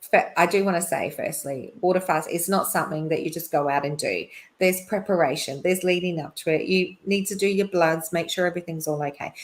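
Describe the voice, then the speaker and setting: A middle-aged woman, a podcast guest, telling a personal story in a chatty way, with lots of fillers and quick laughs. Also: lowish voice. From Australia. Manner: chatty, laughs often, many fillers and restarts.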